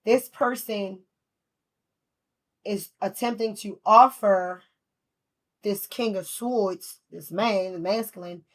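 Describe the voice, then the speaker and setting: Bright-voiced woman giving a chatty tarot reading. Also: medium pitch. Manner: chatty, swears freely, laughs often. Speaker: tarot reader.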